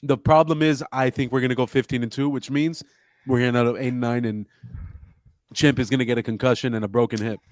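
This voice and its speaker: A man from South Florida, a comedian guest telling stories in a loose, profane, deadpan way on a podcast. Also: mid-range voice, quick pace, dry recording. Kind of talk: casual podcast chat, storytelling.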